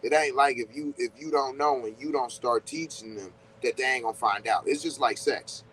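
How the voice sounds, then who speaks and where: A man talks in a loose, rambling way and swears casually. He acts out little reactions as he goes, at a medium pitch. Faint traffic and street noise sit in the background. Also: normal speed, a bit bright, rough recording. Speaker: podcast host. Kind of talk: casual spiritual talk.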